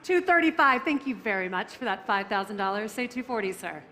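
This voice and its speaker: A woman working as an auctioneer, calling bids briskly and teasing the bidders in a live auction room. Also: medium pitch, expressive, sharp tone.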